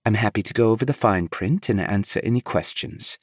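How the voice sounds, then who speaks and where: A man's voice: fairly low pitch, fairly quick, no room sound, clean studio sound, voice pushed up, lightly acted. A man voicing an elegant young woman assistant with an English accent, polite and strained.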